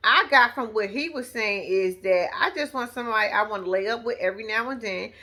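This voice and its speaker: A woman's voice: fairly high pitch, brisk, bright, forceful tone. A woman recapping a reality show episode in casual, profane chat, talking straight to her viewers.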